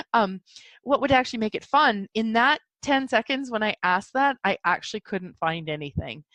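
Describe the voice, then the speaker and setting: A woman's voice: fairly high pitch, animated, unhurried, fairly bright tone, no echo. A woman hosting a solo podcast, rambling and giggling as she talks through yawns about spiritual ideas. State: yawning, sleepy. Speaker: podcast host. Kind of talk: casual solo podcast talk.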